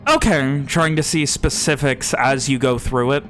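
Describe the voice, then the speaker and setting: A man's voice: mid-range voice, normal speed, fairly bright tone, soft background music. A man narrating as game master in a casual tabletop session, swearing freely and acting out how the players react.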